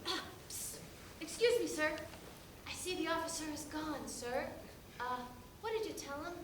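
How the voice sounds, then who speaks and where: A scheming, wheedling male con man who haggles theatrically, played by a woman in a stage play. The high voice is picked up from far off. A noisy, echoey hall surrounds it. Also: animated, normal speed. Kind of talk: amateur stage acting.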